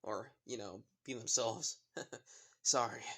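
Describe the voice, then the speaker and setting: Casting: man voicing an eager, apologetic teen boy, slightly raised pitch. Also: steady tone, slow, fairly bright tone, husky. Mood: excited. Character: eager teenage boy, excitable and friendly.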